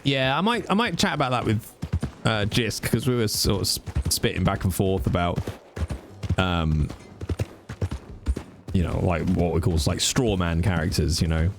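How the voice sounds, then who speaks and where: A man chatting casually on his stream with a lively, bouncing pitch, rambling and swearing freely as he goes. Music plays steadily behind him. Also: moderate pace, gravelly, long pauses.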